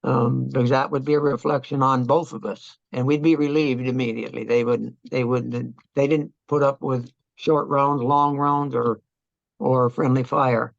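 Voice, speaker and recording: An older man, a veteran, telling his wartime memories in an oral history interview, halting and reflective with many restarts. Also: medium pitch, little pitch movement, creaky, dry recording, lo-fi sound.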